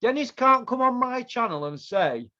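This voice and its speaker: A man's voice: extremely high pitch, big pitch swings, moderate pace, bright, forceful tone. A man hosting his own show, ranting angrily and swearing heavily about boxing. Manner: profane, heated, repetitive ranting. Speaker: podcast host. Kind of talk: angry ranting commentary. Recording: dull lo-fi sound.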